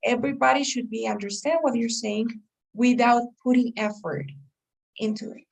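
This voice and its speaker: A woman's voice: a little high, moderate pace, vocal fry. A woman teaching an English test-prep class, explaining patiently and checking in with her students often. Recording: voice a little far from the mic.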